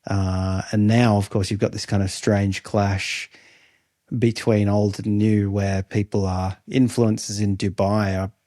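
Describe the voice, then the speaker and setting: A man's voice: on the low side, little pitch movement, measured pace, warm tone, no room sound, studio quality. An Australian man in his thirties, co-hosting a podcast in casual chat and musing aloud with many restarts. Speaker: podcast co-host.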